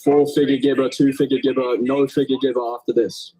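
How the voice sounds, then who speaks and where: A man's voice: mid-range voice, level tone, brisk, crowd noise, poor audio. A man boxer answering interview questions backstage in short, confident phrases.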